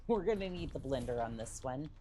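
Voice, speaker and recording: A woman streamer chatting to her viewers in a jokey, relaxed way as she plays through a game. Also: extremely low pitch, a little fast, soft background music. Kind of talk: casual gameplay commentary.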